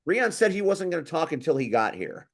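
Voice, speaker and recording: A man's voice: on the high side, very animated, brisk. Blunt, swearing male podcast host. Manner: blunt, swears when worked up. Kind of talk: casual chat.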